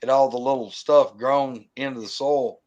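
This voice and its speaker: A man, telling a long encounter story in casual talk, colloquial and animated, mimicking the sounds he heard. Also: medium pitch, moderate pace, highs cut off.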